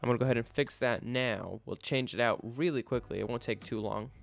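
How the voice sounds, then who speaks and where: A man's voice: medium pitch, brisk, vocal fry. A man live-streaming a building game, chatting casually and thinking aloud to himself as he works.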